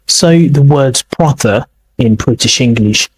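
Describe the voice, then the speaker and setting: Husky man teaching English. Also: medium pitch, a little mellow, low-quality recording. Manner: explains slowly, repeating words to model pronunciation. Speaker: English teacher, podcast host. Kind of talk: accent lesson commentary.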